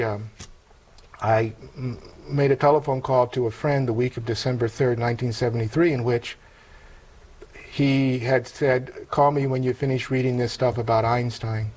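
An older man giving a personal testimony in conversation, earnest and reflective, with halting restarts. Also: mid-range voice, fairly even intonation, poor audio. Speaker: interview guest telling a conversion story.

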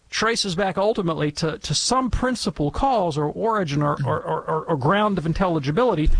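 His voice sits high and is a bit bright. This Alabama-born guest theologian takes listener questions on a call-in radio show, laying out ideas in a casual, digressive way and drifting into playful, joking tangents.

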